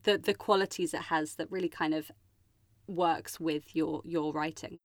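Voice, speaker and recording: A woman's voice: low voice, steady tone, a little slow, no room sound, clean studio sound. A woman interviewer asking thoughtful, slightly hesitant questions in a casual conversation.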